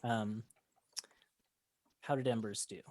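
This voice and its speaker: A man's voice: on the low side, fairly even intonation, slow, darkish tone, dry recording. A man narrating as game master of a tabletop game, describing scenes with many ums and restarts.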